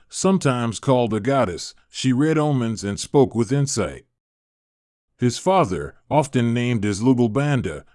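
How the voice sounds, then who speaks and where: Calm man narrating a sleep story. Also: mid-range voice, dry recording, clean studio sound. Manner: slow, soothing, even delivery.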